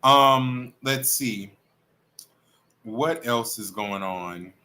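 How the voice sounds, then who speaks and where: A man hosting a livestream, chatting in a sassy, animated, playful way about celebrity gossip. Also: mid-range voice, very slow. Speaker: livestream host. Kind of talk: casual celebrity gossip chat.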